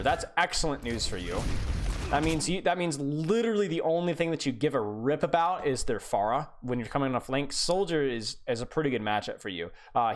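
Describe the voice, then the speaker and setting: Sarcastic, lively streamer coaching gameplay. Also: mid-range voice, slight background noise. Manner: sarcastic, blunt critique with many repeated words. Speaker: game coach. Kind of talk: live-streamed gameplay review.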